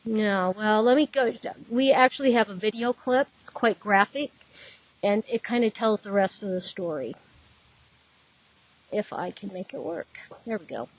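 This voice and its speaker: A woman's voice: mid-range voice, lively intonation, normal speed. A woman giving a conversational trauma-care lecture, explaining through patient scenarios in a plain, direct way. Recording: dull, dry lecture recording.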